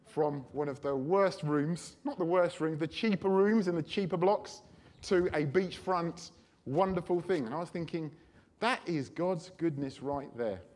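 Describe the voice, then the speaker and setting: A man preaching a sermon, telling a personal story in a chatty, animated way. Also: fairly high pitch, a little slow.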